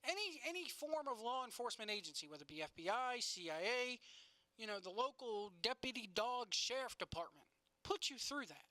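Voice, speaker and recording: A woman's voice: fairly high pitch, sing-song, a little fast, pushed and bright, no echo. A woman co-hosting a casual chat show, telling stories animatedly and swearing freely. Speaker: podcast co-host.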